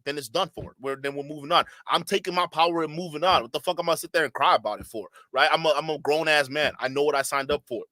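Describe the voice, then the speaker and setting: A man with a high, bright voice rants through a reaction commentary. He talks bluntly and profanely, breaking into laughter and mocking asides. The sound is dry and close. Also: no room sound. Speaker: streamer commentator.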